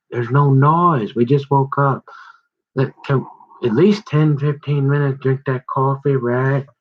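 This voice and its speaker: Husky-voiced man rambling casually, lo-fi. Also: on the low side. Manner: drawling, folksy, slips into whispers. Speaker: vlogger reading scripture. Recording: dull lo-fi recording.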